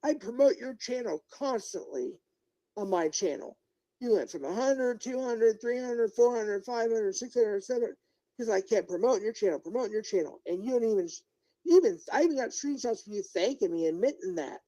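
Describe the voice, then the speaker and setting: A man's voice: high-pitched, animated, fairly quick, dark tone, rough recording. A middle-aged man live-streaming as a YouTuber, ranting indignantly and talking straight to his viewers and chat. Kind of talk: unscripted livestream rant.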